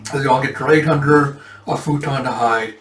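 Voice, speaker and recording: A man's voice: mid-range voice, moderate pace, recorded from a distance. Man retelling a comic in a roomy space. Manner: animated, laughing retelling. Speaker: reader retelling a manga. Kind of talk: casual comic-book readthrough.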